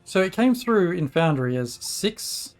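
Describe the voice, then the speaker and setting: A man running a tabletop game as game master over an online call, relaxed and laughing along with his players. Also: high-pitched, measured pace, soft background music.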